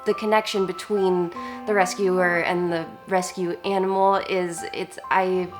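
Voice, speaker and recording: A woman speaking earnestly in an interview, pausing to find her words. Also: lowish voice, level tone. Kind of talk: interview talk. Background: music.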